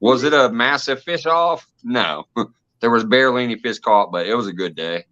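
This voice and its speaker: A man's voice: medium pitch, expressive, moderate pace, sharp tone. A man hosting a casual live stream, chatting and greeting viewers by name with easy laughter. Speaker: host. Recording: dull lo-fi stream audio.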